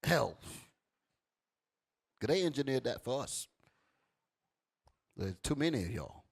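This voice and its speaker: A man's voice: very animated, unhurried. A man preaching a fiery sermon, commanding a reader to read verses and then expounding them. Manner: swings from low and quiet to loud and high. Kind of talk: street sermon with scripture reading.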